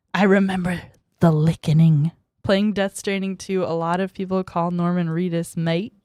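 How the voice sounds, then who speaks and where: A woman's voice: mid-range voice, warm tone, no room sound, clean studio sound. A young woman streaming as a VTuber, chatting casually with her viewers in a giggly, bratty way and squealing when they tease her. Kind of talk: casual livestream chat reading viewer messages.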